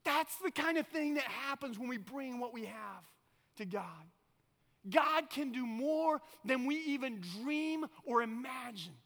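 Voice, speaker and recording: A man's voice: very high-pitched, unhurried, in a large hall. A middle-aged man preaching a sermon as pastor, telling stories with folksy asides. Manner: animated storytelling, folksy asides.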